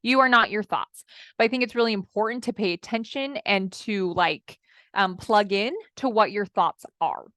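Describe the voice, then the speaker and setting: A woman's voice: mid-range voice, normal speed, a bit bright, dry recording, studio quality. A woman in her thirties giving a chatty motivational talk as a marriage coach, speaking straight to her listeners and acting out her clients' words. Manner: chatty, addresses listeners as friends, acts out quoted clients.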